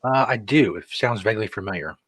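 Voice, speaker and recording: A man's voice: fairly low pitch, animated, fast, a bit bright, breathy edge. A middle-aged man co-hosting a casual chat show, wry and self-mocking as he reads out viewer comments. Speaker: co-host.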